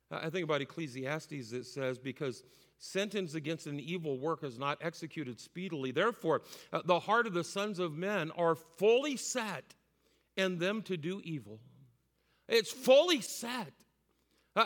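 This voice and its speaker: A man preaching a sermon with passion, rising to loud cries and dropping to hushed lows, with many "uh" fillers. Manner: frequent "uh" fillers and repeated words. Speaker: pastor. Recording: long hall reverb.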